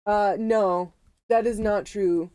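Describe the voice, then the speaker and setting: A woman's voice: medium pitch, fairly even intonation, slow pace, mellow, dry recording. A Canadian woman co-hosting a casual game stream, chatty and self-mocking, swearing and laughing often. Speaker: livestream co-host. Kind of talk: casual gaming stream chat.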